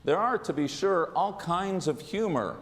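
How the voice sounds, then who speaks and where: A man, a rabbi, giving a sermon in a measured, deliberate way with dry humor, in a large synagogue sanctuary on a pulpit microphone. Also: high-pitched, animated. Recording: long reverb of a large sanctuary.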